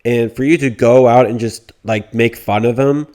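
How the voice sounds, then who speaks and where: A man's voice: medium pitch, steady tone, moderate pace, warm tone. A man giving a casual commentary rant, indignant and blunt, with frequent swearing and many restarts. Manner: mocking quoted whiny voices. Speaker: commentary YouTuber.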